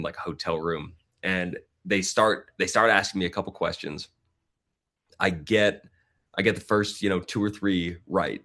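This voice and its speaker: A man in his forties, a podcast guest, telling a personal story in a casual, animated way and acting out other people's lines. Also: deep voice, vocal fry. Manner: animated, acts out the voices of people in his stories.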